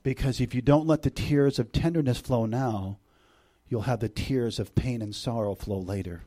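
A middle-aged visiting preacher delivers an animated sermon to a church congregation, swinging between loud bursts and hushed, intimate passages, with joking asides. His voice is medium-pitched and his pace moderate.

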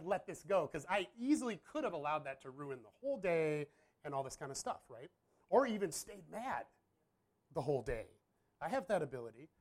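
A man in his thirties with a slightly high voice tells a story from his own life. He is a pastor, and he talks in a candid, self-deprecating way. His speech rambles, and he breaks into laughter often. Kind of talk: casual storytelling.

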